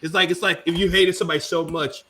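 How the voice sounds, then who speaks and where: A man's voice: fairly high pitch, fairly even intonation, fast, a bit bright, a little hiss or hum. A man in his thirties hosting a casual panel talk, telling an emotional story with lots of swearing. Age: 30s. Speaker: panel show host.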